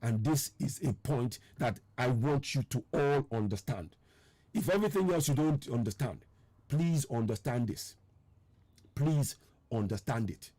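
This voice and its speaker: Insistent man with a mellow, strained voice. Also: mid-range voice, animated, measured pace, no echo. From Nigeria. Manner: urgent, insistent, repeating his points; reads out viewer names and answers their comments. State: strained, tired voice. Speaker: online broadcast host. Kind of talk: impassioned live-stream address.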